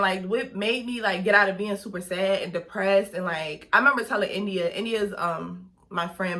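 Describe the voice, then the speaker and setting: Chatty young woman, bright voice. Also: medium pitch. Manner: chatty, lots of fillers, animated retelling. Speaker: vlogger and lash artist. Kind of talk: casual storytime vlog.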